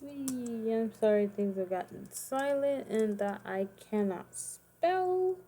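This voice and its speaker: A woman's voice: a little high, animated, slow pace, warm tone, a little hiss or hum. A woman in her thirties chatting casually on a livestream, rambling and correcting herself, sounding tired. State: tired, yawning. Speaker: streamer making custom cards.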